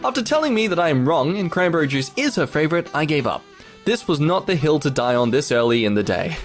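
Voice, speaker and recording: Casting: young male reaction host, fairly high, very animated pitch, chatty and giggly. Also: fast, faint music behind. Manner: chatty, laughs often between remarks. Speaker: host reacting to online posts. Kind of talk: casual reaction commentary.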